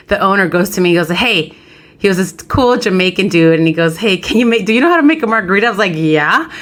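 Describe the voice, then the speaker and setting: A young woman co-hosting a podcast, telling a lively story in casual chat and acting out the people in it. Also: on the low side. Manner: lively storyteller, animated quoted voices. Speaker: podcast co-host.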